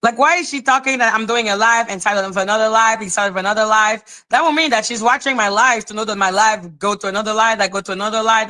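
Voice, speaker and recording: A woman's voice: fairly high pitch, bright, forceful tone. A woman youtuber in a played clip, ranting in an exasperated, profane way on her own stream. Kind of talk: ranting live-stream talk.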